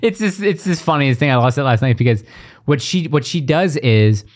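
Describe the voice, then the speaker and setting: Animated man with a lively voice. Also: mid-range voice, normal speed. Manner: animated storyteller, mimics shouting voices. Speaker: podcast co-host. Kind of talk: casual chat.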